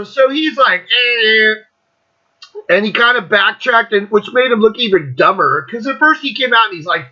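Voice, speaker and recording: A man's voice: sits high, expressive, a little slow, pushed and bright, muffled recording. Profane ranting man in his fifties. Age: 50s. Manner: blunt, profane, mocking, laughs often. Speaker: podcast host. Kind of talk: profane rant.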